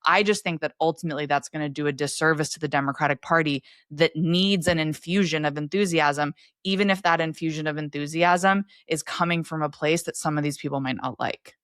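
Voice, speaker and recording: A woman's voice: low-pitched, steady tone, a little fast, hardly any pauses, a bit bright, no echo, clean studio sound. A woman co-hosting a political podcast, talking in an opinionated, emphatic, casual way. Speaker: podcast co-host.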